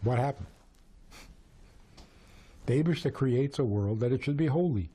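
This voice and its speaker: A man teaching Torah through storytelling, animated and full of rhetorical questions. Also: medium pitch, normal speed, husky. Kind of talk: storytelling lesson.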